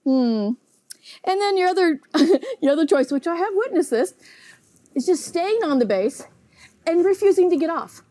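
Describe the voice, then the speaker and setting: A woman teaching a children's Bible lesson, animated and often asking the kids questions. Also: very high voice, moderate pace, pauses often, no room sound.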